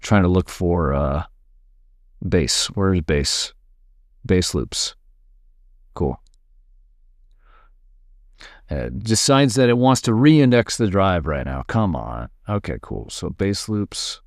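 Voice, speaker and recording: A man casually teaching music production, thinking aloud while he works and muttering at his software. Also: low-pitched, big pitch swings, takes it slowly, pauses often, no room sound, clean studio sound. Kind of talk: casual screen-recorded tutorial.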